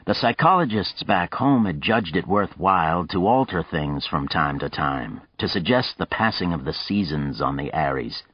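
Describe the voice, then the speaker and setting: A man with a very low voice reads a novel in a measured, steady narration. The recording is dry and close, with a slightly dull, muffled top end. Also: slightly rough, no echo. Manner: measured, even storytelling. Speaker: audiobook narrator. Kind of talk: scripted narration.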